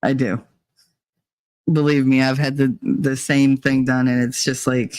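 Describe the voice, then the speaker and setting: A woman's voice: low-pitched, measured pace, clear, resonant tone, dry recording. A woman hosting a casual livestream, chatting and reading viewer comments aloud, laughing often. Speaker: livestream host.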